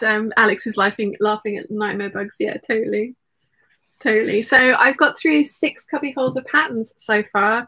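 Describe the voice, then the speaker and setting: A chatty woman hosts a relaxed livestream from home and reads out messages from her viewers. Her voice sits a little high, and she laughs easily. She keeps talking between bites of food. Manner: chatty, laughs often, talks while eating. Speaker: livestream host reading chat. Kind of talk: casual chat.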